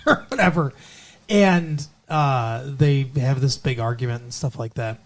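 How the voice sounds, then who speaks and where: A man's voice: medium pitch, unhurried. Rambling man recapping an episode. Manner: rambling with many fillers. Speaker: podcast co-host.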